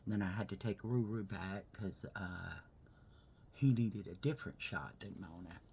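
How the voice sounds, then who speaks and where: A woman with a notably low voice chats into a close camera while doing her makeup. She tells her story in a loose, chatty way and gets loud and fired up as she retells it. A faint hiss sits under the recording. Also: a little slow. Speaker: vlogger.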